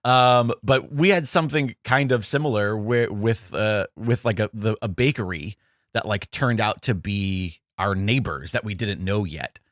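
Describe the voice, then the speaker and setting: A man co-hosting a podcast in casual conversation, chatty and quick to react, with plenty of fillers. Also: fairly low pitch, fairly bright tone, no echo, clean studio sound. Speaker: podcast co-host.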